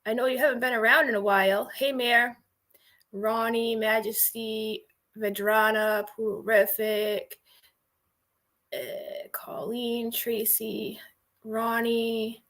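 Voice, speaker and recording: Woman going live, bright voice, rambly and giggly, says like a lot. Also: fairly high pitch, little pitch movement, slow pace. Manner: chatty, rambling, giggly, heavy on "like". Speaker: livestream host. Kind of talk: casual livestream chat.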